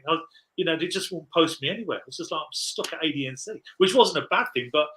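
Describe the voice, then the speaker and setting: A man's voice: on the high side, lively intonation, fast talker, pushed and bright, low-quality recording. A man in his forties, a podcast guest, telling rambling, laughing anecdotes in casual chat.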